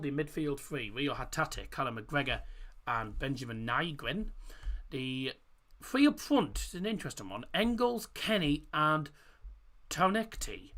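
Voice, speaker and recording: A man's voice: a little high, pushed and bright. A man hosting a live football watchalong, chatting casually with corny jokes and stopping to correct how he says player names. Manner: chatty and jokey, corny puns, stumbles over player names and corrects himself. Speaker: host of a football watchalong stream. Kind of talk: casual live-stream chat. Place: room at home, indoors.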